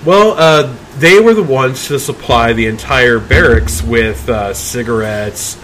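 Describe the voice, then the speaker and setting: A man's voice: mid-range voice, measured pace, fairly bright tone, slight background noise, poor audio. Easygoing male podcast storyteller. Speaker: podcast co-host. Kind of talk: casual storytelling chat.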